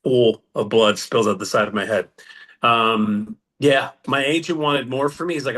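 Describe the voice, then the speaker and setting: A man's voice: medium pitch, normal speed, a bit bright. A man, a podcast guest, telling stories in casual chat, laughing as he goes, with rambling asides. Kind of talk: casual storytelling.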